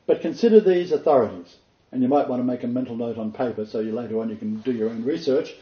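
A man's voice: medium pitch, fast, roomy sound, highs cut off. A man giving sermon-style Bible teaching, reading quotations with expression and adding his own asides. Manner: reads poetry and quotes expressively, then comments in asides.

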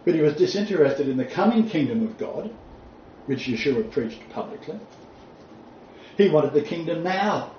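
A man preaching a sermon, reading scripture aloud and stressing key points with deliberate emphasis. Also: fairly high pitch, lively intonation, darkish tone, a little hiss or hum. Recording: distant mic, roomy echo, dull sound.

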